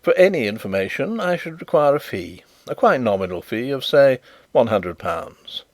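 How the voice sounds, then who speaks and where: A man reading an audiobook, voicing a good-humoured, shrewd male detective with measured delivery. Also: mid-range voice, sing-song, dry recording. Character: urbane blind male detective, genial and shrewd.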